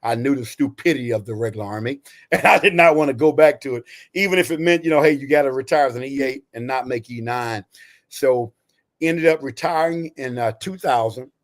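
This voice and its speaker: A man in his sixties from Texas, a retired Army veteran, telling his story in a podcast interview in an animated, folksy way. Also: medium pitch, a little fast. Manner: animated, folksy, says "you know" and "right?" often.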